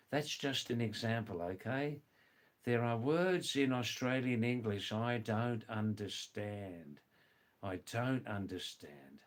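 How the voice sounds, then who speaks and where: A man's voice: fairly low pitch, takes it slowly. A man chatting casually on a live stream, repeating phrases and stumbling over restarts. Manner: repeats himself, stammers on restarts.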